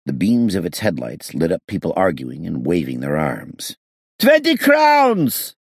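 A male audiobook narrator with a very deep, gravelly voice. His reading moves lively through the story, with a husky, breathy grain. The recording is close and dry. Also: normal speed, dry recording. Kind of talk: scripted narration.

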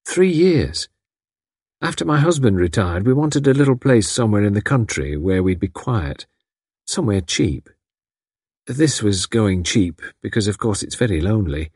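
A lowish, expressive male voice, a little mellow with a breathy edge, reads at a moderate pace. He is voicing a chatty, rambling housewife living in a lonely country house, friendly but a little odd, full of homely talk. The audio has studio quality and no room sound.

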